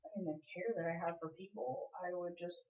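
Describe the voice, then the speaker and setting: A woman's voice: on the low side, fast, a little mellow. A woman playing a tabletop game, bantering with the other players in a teasing way. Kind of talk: casual tabletop play. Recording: echoey room, dull lo-fi sound.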